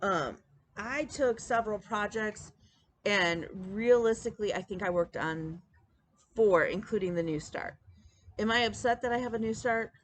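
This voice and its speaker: Chatting at normal speed in a mid-range voice, a woman hosts a flosstube cross-stitch vlog, with slight background noise audible. Her casual storytelling leans on quoted dialogue and plenty of fillers.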